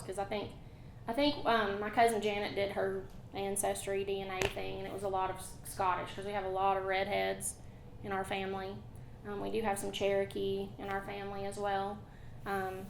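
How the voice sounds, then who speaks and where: A woman's voice: medium pitch, flat delivery, creaky. Appalachian woman singing and chatting in a hall. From Appalachian North Carolina. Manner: chatty, friendly storyteller with quick asides. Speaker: folk ballad singer. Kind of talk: live concert singing and chatting with audience. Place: museum concert hall. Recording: echoey hall with faint room noise.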